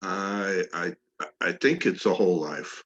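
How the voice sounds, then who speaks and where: A man playing a hesitant homeowner prospect in a sales role-play, answering in halting bits. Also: sits low, fairly bright tone, highs cut off, a little hiss or hum, voice pushed down. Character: hesitant middle-aged male homeowner prospect.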